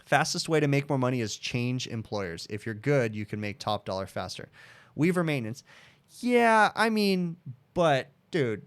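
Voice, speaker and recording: A man's voice: medium pitch, very animated, moderate pace, clean tone. A man in his thirties, an HVAC technician hosting a casual livestream Q and A, answering viewer questions in a frank, chatty way. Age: 30s. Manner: frank, chatty, addresses viewers as dude and bud.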